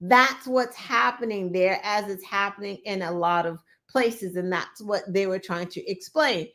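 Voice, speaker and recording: A woman's voice: medium pitch, measured pace, a bit bright. A woman hosting a podcast, giving opinionated, sarcastic political commentary and mimicking the people she discusses. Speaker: podcast host.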